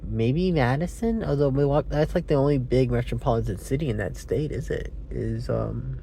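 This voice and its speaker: A man's voice: medium pitch, normal speed, gravelly, warm tone, slight background noise. A man giving a casual, rambling movie review, meandering with fillers and self-corrections, sounding sleepy. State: sleepy, yawning.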